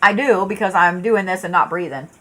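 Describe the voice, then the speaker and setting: A woman's voice: on the low side, brisk, fairly bright tone. A woman giving a live tarot reading, talking in a blunt, casual way with plenty of swearing and filler words. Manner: casual, blunt and profane, chatty with viewers; frequent fillers and restarts. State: yawning, tired. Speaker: tarot reader.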